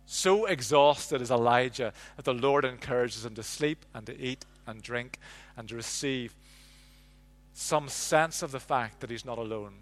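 Man preaching a sermon. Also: mid-range voice. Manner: animated storytelling, drops to a hush on quotes. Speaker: pastor.

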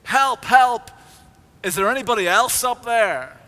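A man putting on a panicked man dangling off a cliff, his voice jumping up high and shouting for rescue. Each plea comes out bright and strained, and it rings through a long, echoing hall with a faint low rumble underneath. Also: moderate pace, close to an everyday voice. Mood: desperate. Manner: frantic pleading shouts. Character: desperate man clinging to a cliff branch.

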